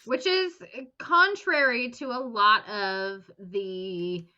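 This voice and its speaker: A woman's voice: mid-range voice, very animated, takes it slowly, bright, forceful tone, lo-fi sound. A woman co-hosting a podcast, chiming in with short, wry remarks in casual chat. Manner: wry, dry interjections. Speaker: podcast co-host.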